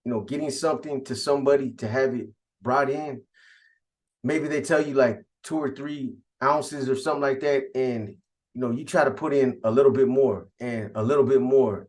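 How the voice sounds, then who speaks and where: Male host telling a story; conversational, slangy, mid-pitched voice. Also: steady tone, moderate pace, darkish tone. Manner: conversational, slangy, addresses the audience directly. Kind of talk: casual storytelling.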